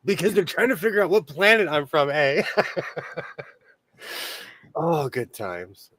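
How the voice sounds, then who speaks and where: Chatty man with a high voice. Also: very animated, unhurried, fairly bright tone, slight background noise. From California. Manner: rambling, laughs often. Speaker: podcast host. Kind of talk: casual chat.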